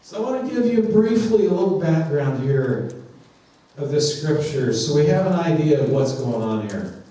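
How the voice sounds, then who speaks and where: A man's voice: a little high, lively intonation, normal speed, dark tone. A man preaching a sermon as pastor, talking conversationally and acting out dialogue with playful humor, recorded from a distance in a church sanctuary. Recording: echoey church from a distant mic.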